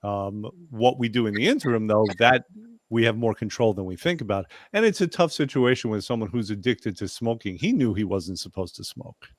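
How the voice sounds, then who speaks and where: A man hosting a casual chat, telling stories with slow, drawn-out emphasis. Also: on the low side, no room sound, clean studio sound.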